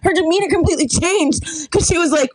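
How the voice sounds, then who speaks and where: A woman's voice: extremely high pitch, fast talker, darkish tone, no echo, low-quality recording. A woman telling a comic story on a podcast, acting out voices and laughing often. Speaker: podcast guest comedian. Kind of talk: casual storytelling chat.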